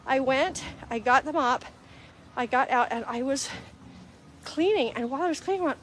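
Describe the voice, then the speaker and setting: A woman's voice: high-pitched, normal speed, a little hiss or hum. A middle-aged woman hosting a casual live-stream talk, earnest and conversational, acting out little quoted exchanges as she goes. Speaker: host.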